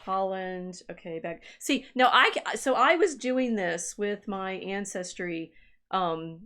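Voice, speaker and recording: A woman's voice: medium pitch, slow, a bit bright. A woman historian co-hosting a casual livestream chat, musing aloud as she reads through family records. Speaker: podcast co-host and historian.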